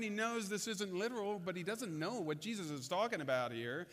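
A man preaching in a conversational, storytelling way, pausing for effect. His voice sits high and light, and a long hall reverb trails behind each phrase. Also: animated, fairly bright tone. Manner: conversational storytelling, with dramatic pauses. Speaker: pastor. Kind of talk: sermon.

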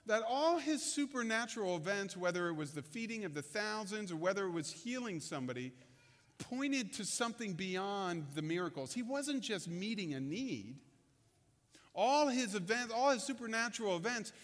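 A man preaching in a conversational, storytelling way, pausing for effect. His voice sits high and light, and a long hall reverb trails behind each phrase. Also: a bit bright. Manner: conversational storytelling, with dramatic pauses. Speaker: pastor. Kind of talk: sermon.

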